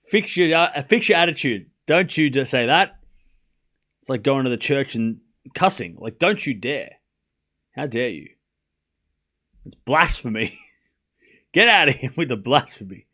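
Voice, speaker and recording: A man's voice: mid-range voice, animated, unhurried, long pauses, sharp tone. A man hosting a live tennis watchalong stream, commentating on points and playfully scolding and pleading with his chat.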